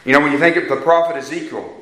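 A man's voice: fairly high pitch, racing, bright, forceful tone, echoey room, poor audio. A man preaching a sermon, repeating key phrases for emphasis and putting questions to his congregation.

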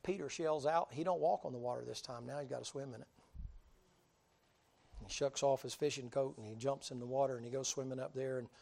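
Folksy gravelly preacher man. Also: mid-range voice, steady tone, fairly quick. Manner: folksy, humorous, swings loud and quiet. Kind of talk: storytelling sermon.

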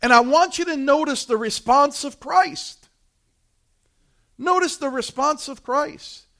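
High-pitched guy preaching a sermon, gets fired up then goes quiet, talking right to the church folks. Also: slow pace. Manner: impassioned preaching, swelling from hushed to loud; addresses the congregation directly, who answer back.

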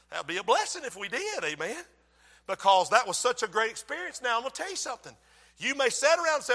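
A male preacher with a very high voice, acting out stories in his sermon. He drops to a hush and then rises to a shout. His bright, sharp tone rings out through the long reverb of a large hall. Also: fast talker. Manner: animated, swings from hushed to shouting. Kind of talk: sermon with acted-out story.

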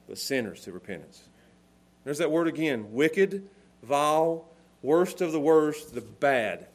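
A man preaching a sermon with passion, dropping to a hush and then rising to shouts. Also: a little high, expressive, unhurried. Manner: impassioned, swinging from hushed to shouting.

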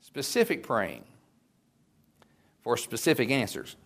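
A man's voice: mid-range voice, wildly swooping pitch, takes it slowly, vocal fry, fairly bright tone. A man, a pastor, preaching a sermon in a conversational way, stopping and restarting as he goes and reading scripture aloud.

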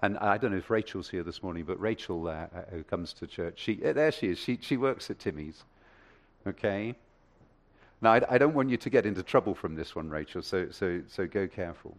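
A man's voice: low-pitched, animated, brisk. A male pastor preaching a sermon, telling a story with acted asides and the odd stammer.

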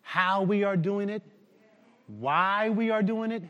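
A man preaching a sermon to his church, animated and shouting at the peaks. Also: high-pitched, slow, in a large hall, lo-fi sound. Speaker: pastor.

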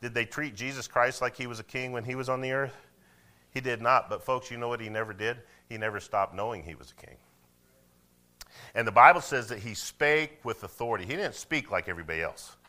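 Male pastor, sermon, bright cutting tone, animated and emphatic. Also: medium pitch, moderate pace. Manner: animated preaching, swings from quiet asides to loud emphatic declarations.

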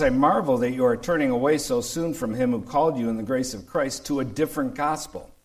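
A male pastor delivers a sermon in an emphatic way. His voice sits at an ordinary middle pitch. He keeps coming back to the same points and reads passages aloud as he goes. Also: poor audio.

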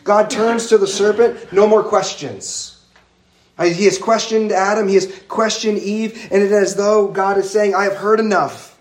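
A man's voice: sits high, steady tone, measured pace, echoey room. A male pastor preaching an expository sermon in an earnest, emphatic way, stacking lists of words one after another.

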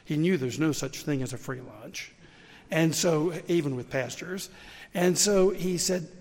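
A man's voice: fairly high pitch, moderate pace, darkish tone, slightly rough, in a large hall. A man preaching a sermon, telling a story in an earnest way and acting out the quoted lines. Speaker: pastor.

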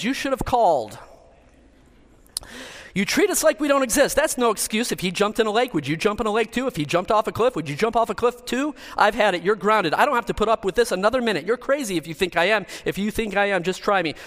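A preacher doing an exasperated scolding dad. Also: male voice, high-pitched, expressive, a bit bright, pitched above the performer's own voice. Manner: rapid-fire, indignant, nagging. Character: exasperated scolding father lecturing his child.

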